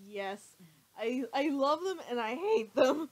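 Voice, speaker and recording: A woman's voice: high voice, expressive, measured pace, poor audio. Stream co-host: a light-voiced woman, chatty and giggly, reading viewer questions between laughs. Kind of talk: casual chat.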